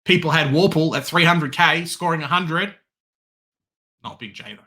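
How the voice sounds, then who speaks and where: A young Australian man hosting a fantasy football show in casual chat, animated, swinging from loud excitement to resigned muttering. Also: a little high, moderate pace. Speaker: fantasy football podcast host.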